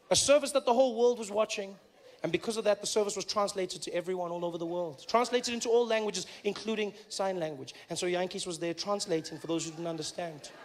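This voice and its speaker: High-voiced stand-up comedian. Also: male voice, slight background noise. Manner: animated storytelling with sudden dips into deadpan.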